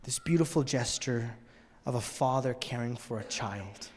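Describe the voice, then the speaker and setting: Guy preaching a sermon, goes big and loud then drops to a near whisper, echoey church hall. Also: medium pitch, normal speed, slight background noise. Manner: dramatic swings from loud emphasis to hushed near-whisper. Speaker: pastor.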